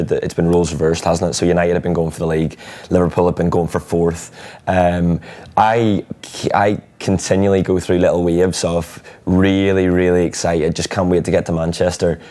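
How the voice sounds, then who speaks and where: A hoarse man losing his voice, chatting about football in a bar, rambling and laughing. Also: deep voice, little pitch movement, normal speed, dark tone. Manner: rambling, laughing, restarts often. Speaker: co-host. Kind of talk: casual football chat.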